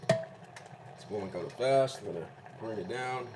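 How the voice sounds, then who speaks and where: A man's voice: fairly low pitch, a little slow, heavy background noise. A man casually narrating each step as he cooks a meal, talking the viewer through what he is doing. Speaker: home cooking vlogger. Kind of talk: casual cooking demonstration. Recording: loud kitchen clatter behind. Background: dishes, pots and cutlery clattering.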